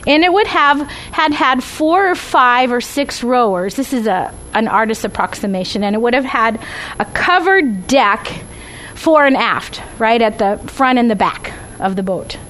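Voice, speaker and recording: A woman's voice: fairly high pitch, animated, measured pace, a bit bright, a little hiss or hum, rough recording. A woman teaching a Bible study class with slides, talking conversationally and often checking in with "right?" and "okay?".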